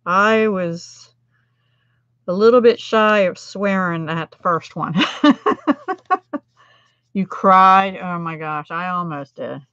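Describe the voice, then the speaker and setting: A woman's voice: on the low side, takes it slowly, pauses often, a bit bright, dry recording, highs cut off. A middle-aged American woman demonstrating card making on a livestream, chatting with viewers and laughing at her own mistakes. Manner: chatty, self-deprecating, laughs often.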